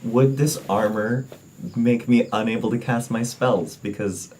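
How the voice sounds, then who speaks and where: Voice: medium pitch, a little slow, a little mellow, rough recording. A person playing a tabletop game, speaking in a friendly, polite way. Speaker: player. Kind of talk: casual chat at a game table. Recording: clear background noise.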